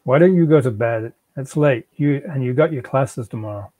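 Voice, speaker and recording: A man's voice: mid-range voice, normal speed, mellow, no echo, lightly acted. A man in a live reading, voicing a defensive, pleading unemployed husband and father. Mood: gentle.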